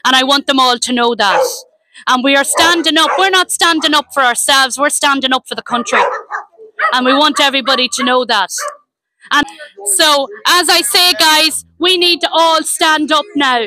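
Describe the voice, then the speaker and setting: A woman's voice: high-pitched, moderate pace, background noise. An Irish woman from Dundalk giving an impassioned, defiant rally speech, repeating her points. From Ireland (Dundalk). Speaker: rally speaker.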